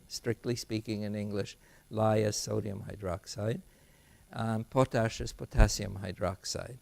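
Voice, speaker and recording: A man's voice: mid-range voice, vocal fry, darkish tone. An older man giving an academic lecture, thoughtful and digressive, often restarting his sentences. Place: lecture hall.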